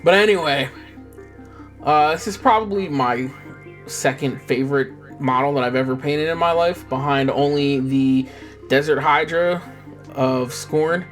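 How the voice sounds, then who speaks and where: A man's voice: on the high side, a little slow, soft background music. A young man who paints miniatures, chatting casually and rambling with jokes and swearing, often trailing off.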